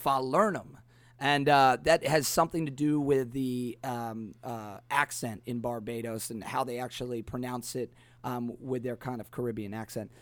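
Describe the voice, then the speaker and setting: A man's voice: mid-range voice, fairly even intonation, moderate pace, no echo. A man hosting a casual cocktail podcast, talking in a rambling way with many fillers. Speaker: podcast host. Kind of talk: casual chat about cocktails.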